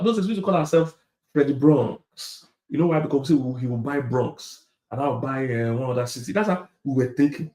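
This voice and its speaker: A man preaching a sermon, repeating his points, laughing, and swinging from loud to hushed. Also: high voice. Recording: echoey hall.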